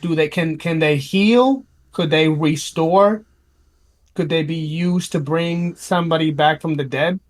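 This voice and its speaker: A man's voice: fairly high pitch, unhurried. A man playing a tabletop game, asking direct, eager questions. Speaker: player.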